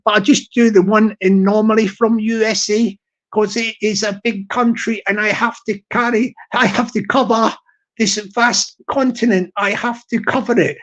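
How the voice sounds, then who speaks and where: A man's voice: high-pitched, fairly even intonation, normal speed, fairly bright tone, highs cut off. A man hosting a live stream, rambling in casual chat, repeating himself with an upbeat, ship-captain pep talk.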